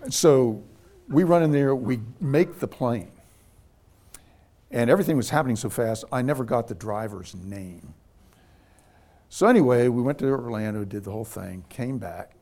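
A man's voice: medium pitch, moderate pace. A middle-aged man, a pastor, telling a personal story in a casual way and acting out the people he quotes. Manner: animated anecdote teller, voices quoted people.

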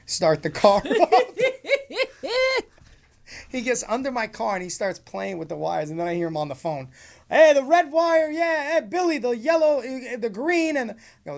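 A man telling a comic story with a lively voice that swings through a wide range of pitch. He acts out every part of the exchange himself and laughs often as the story goes on. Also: gravelly. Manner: animated, acts out both sides of exchanges.

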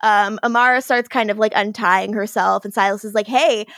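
A woman's voice: mid-range voice, fairly even intonation, a little fast, a bit bright, dry recording, clean studio sound. A woman co-hosting a podcast, animatedly retelling a TV episode and acting out the characters' lines with frequent laughter. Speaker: podcast co-host. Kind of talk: casual recap chat.

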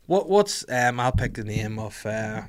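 A man's voice: fairly low pitch, big pitch swings, unhurried. A middle-aged man chatting casually and playfully, laughing often and swearing as he answers viewer comments. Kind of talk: casual live chat.

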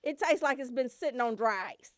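Loud, high-voiced woman comedian. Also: brisk, no echo, clean studio sound. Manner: loud, animated, swearing freely, laughing often. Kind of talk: profane comedic storytelling.

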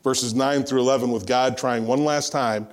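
A man preaching a sermon, retelling a scripture story in an animated, conversational way and acting out the voices. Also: medium pitch, normal speed. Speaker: pastor.

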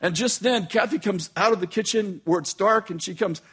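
Husky middle-aged male preacher. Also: sits high, fairly quick, fairly bright tone. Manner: conversational, repeats and restarts phrases. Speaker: pastor. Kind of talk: storytelling sermon.

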